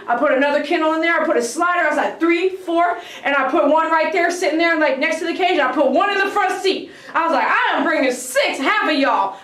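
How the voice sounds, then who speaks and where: A high-voiced woman chats on a live stream from her grooming salon, telling animated stories and acting out barking dogs. The room rings with echo, and she sits a little back from the mic. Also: distant mic. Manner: animated storytelling, imitates barking dogs, laughs often. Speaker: dog groomer. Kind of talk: casual livestream chat.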